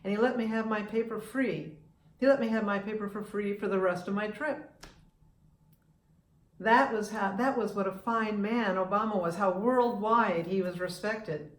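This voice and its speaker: A woman in her seventies from the United States talks to camera on her own vlog, opinionated and chatty. She often breaks off and restarts her sentences. Her voice sits at an ordinary pitch, and the room around her is noticeably echoey. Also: fairly even intonation, moderate pace. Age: 70s. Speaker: vlogger and humorist. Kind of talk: casual talking-to-camera vlog.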